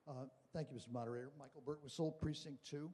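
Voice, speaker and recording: A man speaking from the floor of a town meeting, making a measured, deliberate argument in a formal public statement. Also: on the high side, fairly even intonation, mellow, husky. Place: large meeting hall. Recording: long hall reverb.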